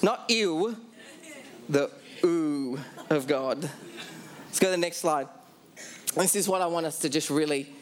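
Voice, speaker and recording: Speaking at a fairly high pitch, a man gives a sermon where he asks the congregation questions and answers them on his own. Key phrases come out slow and heavy.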